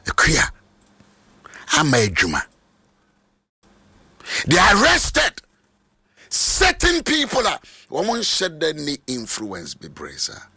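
A man preaching, switching between Twi and English, with sudden shouts and hammering repetitions. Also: a little high, huge pitch swings, takes it slowly, gravelly, pauses often, husky, dry recording. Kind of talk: sermon.

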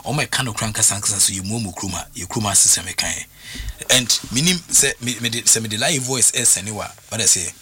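A man's voice: on the low side, expressive, fast talker, sharp tone, a little hiss or hum. A man with a Ghanaian accent talking football on a radio sports show, emphatic and repetitive as he drives his points home. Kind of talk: sports talk radio discussion.

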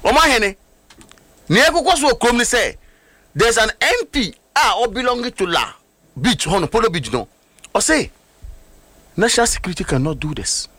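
A man's voice: very high-pitched, sing-song, moderate pace, pauses often, pushed and bright, dry recording. A middle-aged man with a Ghanaian accent giving heated political commentary, emphatic and full of rhetorical questions. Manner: emphatic, rhetorical, switches between languages.

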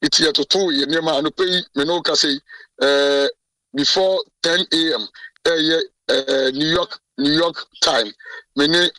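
A man's voice: on the high side, normal speed, bright, forceful tone, no room sound. Emphatic Ghanaian man, far from the mic. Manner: code-switching, emphatic, frequent restarts. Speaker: president of a journalists' association. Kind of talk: radio interview.

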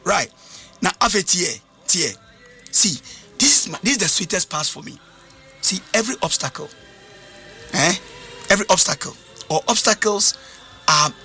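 A man's voice: sits high, expressive, measured pace, long pauses, sharp tone, soft background music. A man preaching a sermon, emphatic, switching languages and repeating phrases. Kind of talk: sermon with interpreter.

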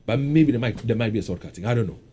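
A man presenting on radio, chatting casually about the day's news and reading sponsor notes, with a relaxed manner and lots of "you know". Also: medium pitch, rapid-fire, slightly rough. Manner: relaxed, filler-heavy with frequent "you know". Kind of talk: casual studio discussion.

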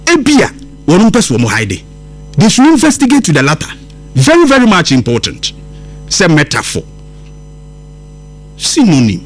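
A Ghanaian radio host, a man whose pitch sits high and swings widely as he argues. He talks in an emphatic, indignant way, hammering points through repetition. Soft music plays faintly under his voice in the studio. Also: wildly swooping pitch, moderate pace, pauses often. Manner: emphatic, indignant, repeating himself for stress. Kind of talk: radio political commentary in Twi and English.

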